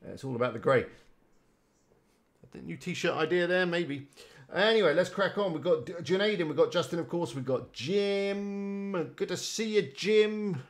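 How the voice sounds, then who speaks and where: A man's voice: high-pitched, normal speed. A man chatting casually on a live stream, rambling and greeting viewers by name. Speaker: live-streaming website builder.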